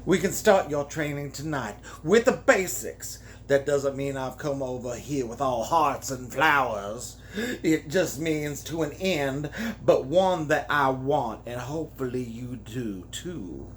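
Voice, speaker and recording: A stern, brooding lover who drops his voice low and husky, laying it on thick, as a man hams him up. The delivery is slow and heavy, with faint room noise behind it. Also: a bit bright.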